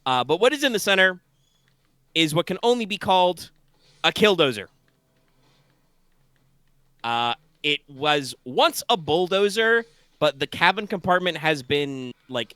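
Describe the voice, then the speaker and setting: A drowsy male game master describes scenes over an online call, wandering through fillers and restarts. His voice is bright and crisp. The sound is dry and close. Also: a little high, no room sound. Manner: rambling, full of fillers and restarts. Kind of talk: narrating a tabletop game.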